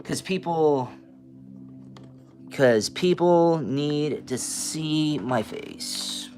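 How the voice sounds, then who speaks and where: A man hosting a live stream, ranting in an animated, passionate way and stuttering and restarting often. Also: fairly high pitch, extremely slow, soft background music. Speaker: live stream host giving readings. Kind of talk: casual live-stream rant. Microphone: camera mic, moves the camera around.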